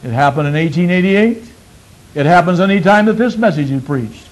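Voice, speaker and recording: A man preaching a sermon, asking his listeners questions and repeating phrases, swinging from loud emphatic peaks to quiet low asides. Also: a little fast, low-quality recording.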